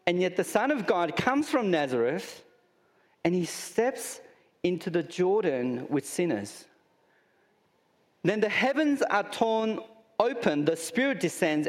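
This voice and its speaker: In a large hall, a pastor from Sydney, Australia preaches a sermon with an Australian accent. His voice is high-pitched and very animated, his pace unhurried, and his conversational style includes rhetorical questions and humorous asides.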